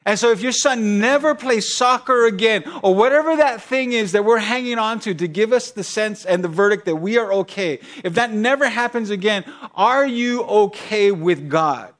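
A man's voice: high-pitched, fairly bright tone. A middle-aged man preaching a sermon as pastor, telling a personal story conversationally and repeating key phrases for emphasis.

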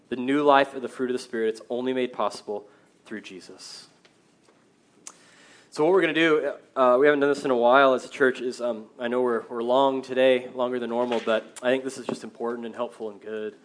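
A man in his thirties preaching to his church in an earnest sermon voice. He swings between loud, emphatic bursts and quiet, reflective stretches, with a mid-range pitch. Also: fairly even intonation, brisk. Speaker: pastor.

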